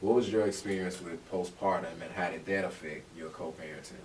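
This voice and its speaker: A man's voice: low voice, fairly even intonation, a little fast, roomy sound, far from the mic, a little hiss or hum, low-quality recording. A man hosting a podcast, asking his guest a question in an easygoing way with lots of fillers. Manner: easygoing, filler-heavy, affirming. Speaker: podcast host. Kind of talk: interview questions.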